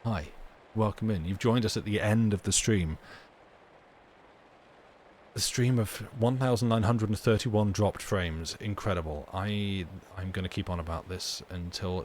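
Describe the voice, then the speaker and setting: Low-voiced man bantering dryly with viewers. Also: a little slow, a little mellow, slight background noise. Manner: dry, teasing banter with frequent restarts. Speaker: livestream host reading stories. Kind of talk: casual chat to live stream viewers.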